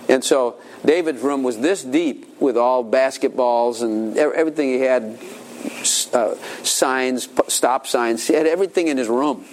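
A man's voice: mid-range voice, a little slow, slight background noise. Older man preaching a rambling sermon. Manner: rambling storyteller acting out children's voices. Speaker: pastor. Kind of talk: informal sermon.

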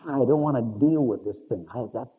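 A man's voice: mid-range voice, lively intonation, fast, slightly rough. A man preaching a conversational sermon in a rambling, confessional way with chuckling asides. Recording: narrow phone-like lo-fi sound.

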